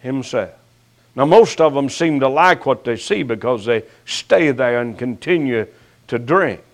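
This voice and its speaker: An older man preaching a sermon as pastor, his voice rising sharply and then dropping to a hush, with folksy, teasing jabs at his listeners. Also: medium pitch, expressive. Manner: slow preaching with sharp rises and hushed drops.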